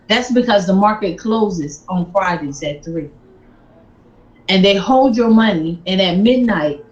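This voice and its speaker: A woman giving a sermon-style personal testimony, telling her story in an animated, emphatic way. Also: mid-range voice, highs cut off. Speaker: speaker on faith and finances.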